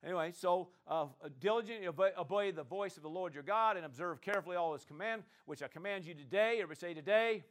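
Man, high voice, sermon, call-and-response, loud then soft. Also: fast talker, hardly any pauses. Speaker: pastor.

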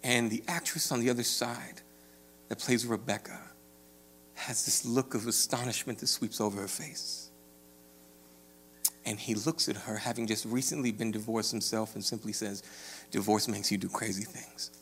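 A male pastor delivers a sermon in a relaxed, conversational way, often checking in with his listeners. His voice sits at an ordinary middle pitch for a man. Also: normal speed, slight background noise. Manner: conversational, rising to animated storytelling with frequent "right?".

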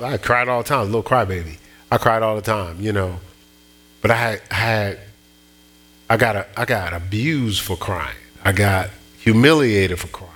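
A man's voice: medium pitch, fairly bright tone. A man preaching a sermon, telling a personal story with many restarts and bursts of rising emphasis. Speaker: pastor.

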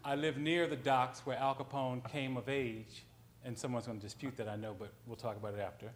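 A man's voice: medium pitch, fairly even intonation, a little fast, a little hiss or hum. A man on a panel, a writer, telling an anecdote in a conversational way, with frequent ums and self-corrections.

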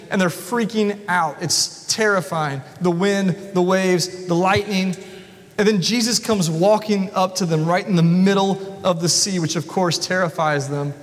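A male pastor preaching a sermon in a church, telling the story in an animated way. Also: high voice. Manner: storytelling, animated, acts out voices. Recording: long reverb of a large hall.

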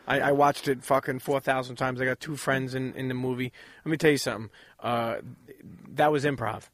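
A man's voice: mid-range voice, fairly even intonation, brisk, no echo, studio quality. A man hosting a casual podcast interview, brash and joking, with plenty of swearing. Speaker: podcast host.

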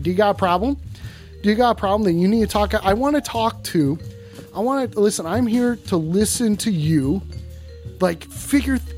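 A streamer doing a cocky hot dog running a late-night call-in show, all swagger and showman patter. The voice sits at an ordinary middle pitch and slides into lazy drawls and nonsense scatting. Soft music plays underneath. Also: close to an everyday voice. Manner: swaggering radio-host patter, drawls and scats. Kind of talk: comic live-stream role-play.

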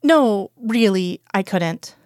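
A woman's voice: medium pitch, slow, dry recording, studio quality. A woman doing a tired, guarded female agent. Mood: weary. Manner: flat, tired, reluctant.

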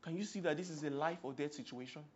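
A fast-talking man with a Nigerian accent and a fairly high pitch preaches a sermon, swinging between hushed, quiet stretches and loud, emphatic outbursts. The highs in the recording are cut off.

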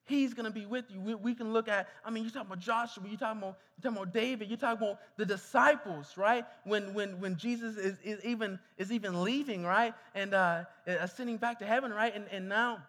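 Man, preacher, high bright voice, repeats himself, long hall echo. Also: a little fast, few pauses. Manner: repeats himself, calls on congregation to respond. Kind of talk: sermon. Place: church hall. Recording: reverberant hall.

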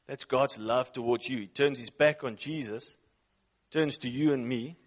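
A man's voice: mid-range voice, moderate pace. A man preaching a sermon who reads scripture aloud and speaks English as a second language, emphatic, repeating phrases and putting questions to his listeners. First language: not English.

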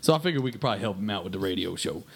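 A man's voice: lowish voice, animated, very fast, creaky, breathy edge, heavily acted. A man playing a crude, boastful fishing guide who rambles through listener mail on a comedy radio sketch. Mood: brash.

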